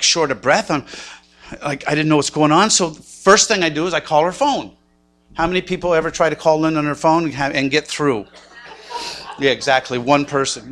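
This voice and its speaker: A man's voice: fairly high pitch, a bit bright. A man in his sixties preaching a sermon, telling a personal story with self-mocking humor and acted-out inner thoughts. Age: 60s. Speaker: pastor.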